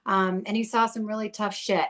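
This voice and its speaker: A woman's voice: medium pitch, little pitch movement, a little fast, fairly bright tone. A woman guest in her thirties or forties telling her own story in a blunt, heated way, swearing often. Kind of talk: candid conversational storytelling.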